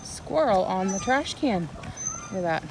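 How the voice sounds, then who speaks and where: A woman's voice: mid-range voice, animated, measured pace, over music. Frustrated chatty woman vlogging. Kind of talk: casual vlog chat.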